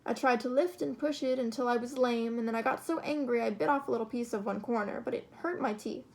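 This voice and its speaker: A woman reading a short story aloud in an expressive, steady storytelling manner. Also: fairly high pitch, fast talker. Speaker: reader.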